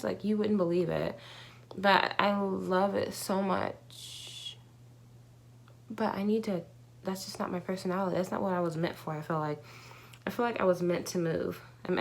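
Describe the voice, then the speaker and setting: A woman's voice: lowish voice, vocal fry. A young woman talking casually to camera in a candid, rambling vlog, with many fillers and restarts. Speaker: vlogger.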